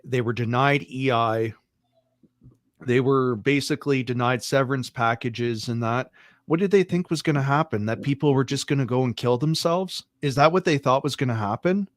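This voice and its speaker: A man's voice: medium pitch, moderate pace, no echo, studio quality. A man guesting on a political discussion, arguing through a stream of pointed rhetorical questions. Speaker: podcast guest.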